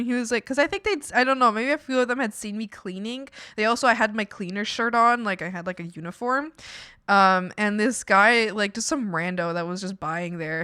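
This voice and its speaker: A woman's voice: on the high side, sharp tone, clean tone, dry recording, studio quality. A young woman streamer telling a rambling story in casual chat, with lots of fillers and laughter. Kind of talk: casual storytelling while drawing.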